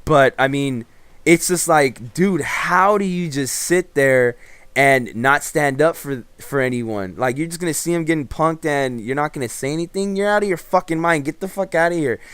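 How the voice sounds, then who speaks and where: A man's voice: fairly high pitch, moderate pace, smooth, dry recording. A man telling a rambling, profane story in casual gameplay commentary, full of fillers and restarts. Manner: animated storyteller. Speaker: gaming commentator.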